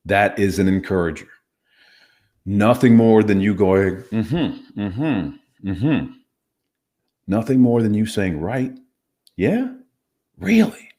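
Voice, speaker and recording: A deep, slightly mellow voice belongs to a man who used to be a hostage negotiator, now emphatically teaching how to converse. He acts out examples to show the techniques aloud.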